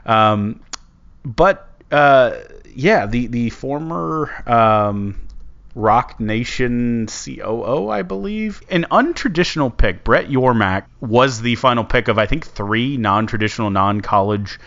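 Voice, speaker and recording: A man hosting a casual sports podcast, talking in a rambling, halting way. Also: mid-range voice, animated, vocal fry, a bit bright. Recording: dull lo-fi sound.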